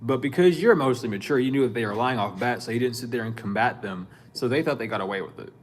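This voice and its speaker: Speaking at a medium pitch over a little hiss or hum, this male spiritual reader delivers a casual reading to camera. He scolds bluntly and animatedly in profane street slang, laughing quickly here and there.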